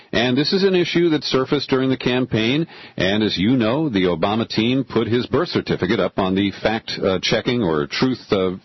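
Male talk radio host, husky voice, opinionated and sarcastic, lo-fi broadcast sound. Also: medium pitch, no room sound. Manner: opinionated, sarcastic, lively delivery. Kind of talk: radio talk show monologue.

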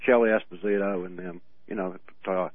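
A man co-hosting a radio show in casual chat, telling rambling stories with halting restarts and frequent laughs. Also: sits low, fairly even intonation, dry recording. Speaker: radio co-host. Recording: tinny phone-like radio audio.

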